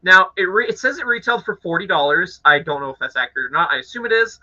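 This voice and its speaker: A young man from Canada hosting a live stream, telling an annoyed story to his chat in a casual, animated way with swearing. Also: high voice, fast. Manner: animated, swearing, acts out angry voices. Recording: dull lo-fi audio.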